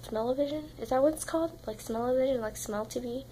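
A woman's voice: high voice, fast talker, background noise. A young woman vlogging in a rambling, casual chat to camera, swearing constantly and sounding tired. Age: young adult.

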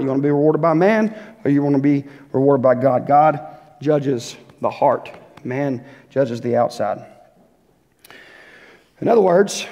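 A man's voice: fairly high pitch, a little mellow. A man preaching a sermon as pastor, conversational and questioning the congregation directly. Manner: conversational, asks the church questions, voices short quotes. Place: church sanctuary. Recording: long hall reverb.

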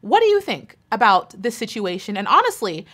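A woman's voice: medium pitch, big pitch swings, normal speed, a bit bright. An American woman talking straight to her channel's viewers in an emphatic, indignant opinion vlog, hammering her points home with repetition. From United States. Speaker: YouTuber.

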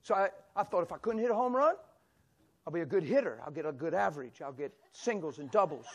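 A man in his sixties preaching a sermon in a church, telling stories animatedly and swinging from loud exclamations to a soft near-whisper. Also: fairly high pitch, lively intonation, fast talker.

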